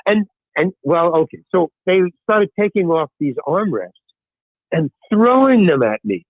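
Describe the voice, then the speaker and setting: An older man spins long anecdotes in an animated way, his voice rising and falling a lot and sitting fairly high for a man. The sound is thin and phone-like, with a dry, close feel. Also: moderate pace, no echo. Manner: animated anecdote-telling, frequent restarts. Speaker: podcast guest. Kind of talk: storytelling in casual chat.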